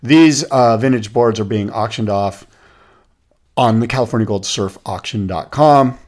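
A man co-hosting a casual podcast, telling stories and jokes in an animated way. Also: fairly low pitch, unhurried. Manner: animated storyteller, rattles off lists. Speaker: podcast co-host. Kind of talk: casual chat.

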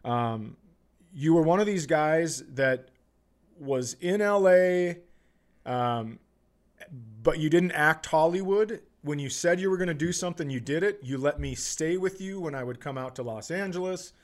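Podcast host guy, kinda high voice, chatty and swears a lot. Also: unhurried. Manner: chatty, profane, plays out quotes. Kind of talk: casual storytelling.

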